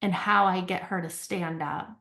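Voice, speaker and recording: A woman's voice: fairly low pitch, steady tone, normal speed, creaky, bright, forceful tone. A woman guest on a podcast who talks about healing in a reflective, earnest way, often checking in with a questioning "right?". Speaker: podcast guest, company CEO. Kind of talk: conversational podcast interview.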